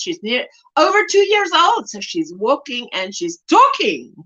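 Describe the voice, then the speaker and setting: A woman's voice: high-pitched, a bit bright, lo-fi sound. A woman hosting a casual livestream, bubbly and laughing often as she reads chat comments aloud. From South Africa. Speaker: livestream host.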